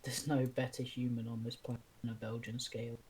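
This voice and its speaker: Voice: medium pitch, flat delivery, a little fast, noisy background. A gamer chatting casually with friends while playing, sweary, joking and rambling. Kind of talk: casual gaming chat.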